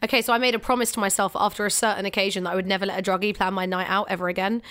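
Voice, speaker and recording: A young woman telling stories in casual chat, animated and acting out quotes. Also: medium pitch, racing. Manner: animated storyteller, acts out quotes.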